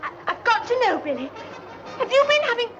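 An actress playing a prim, proper young fiancée in an old film scene. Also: female voice, extremely high pitch, sing-song, fairly quick, muffled recording, crowd noise. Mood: indignant. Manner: prim and indignant. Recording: film soundtrack with music behind.

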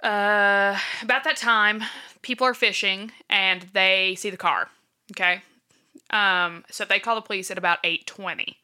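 A woman's voice: mid-range voice, fairly even intonation, measured pace, bright, forceful tone, clean tone. A woman casually retelling a true-crime case from her notes, with many fillers like "um" and "like". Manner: chatty, filler-heavy, checks her notes. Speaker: podcast co-host.

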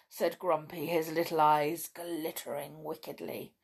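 A woman reading a children's story aloud in an animated way, with chatty asides. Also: mid-range voice, slow pace, slightly rough.

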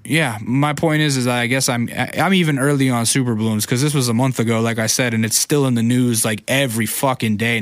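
A man's voice: lowish voice, no room sound. A young man hosting a podcast, telling a camping story in a loose, profane, filler-heavy ranting way. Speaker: podcast host. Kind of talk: casual storytelling monologue.

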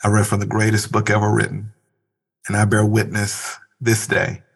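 A man's voice: fairly low pitch, normal speed, creaky, slightly rough. A man who is a pastor, speaking earnestly and reflectively in a conversational interview. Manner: earnest, reflective, breaks into animated imitations.

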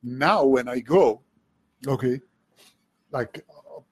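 A comedian telling a story in casual chat, animated, slipping into other voices and another language. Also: male voice, medium pitch, slow, husky. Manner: animated storyteller, switches between English and Armenian, does voices in quotes.

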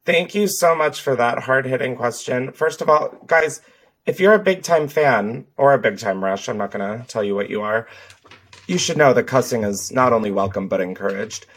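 A man's voice: medium pitch, normal speed. A man hosting a podcast on headphones, chatting casually, joking and swearing as he answers callers. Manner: profane, joking, animated. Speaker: podcast host. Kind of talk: casual chat.

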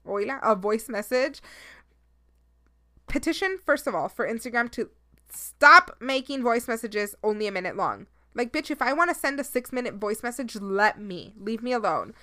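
A woman's voice: fairly high pitch, sharp tone, no echo, studio quality. A young woman hosting her own podcast, chatting candidly and emotionally, now and then dropping in Spanish words. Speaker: podcast host. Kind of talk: casual solo podcast chat.

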